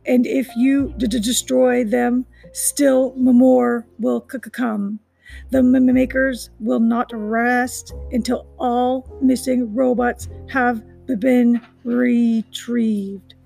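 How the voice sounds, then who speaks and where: A woman voicing a dying male hunter robot that stutters in a quiet, garbled voice. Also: on the high side, level tone, slow, vocal fry, breathy edge, faint music behind, heavily acted, rough recording. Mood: faltering.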